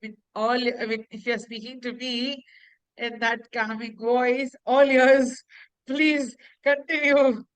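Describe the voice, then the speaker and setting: A woman's voice: a little high, fairly even intonation, slow, smooth, no echo, poor audio. A woman host interviewing a guest, asking questions politely with many hesitations. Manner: hesitant, full of uh fillers, polite. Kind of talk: online interview.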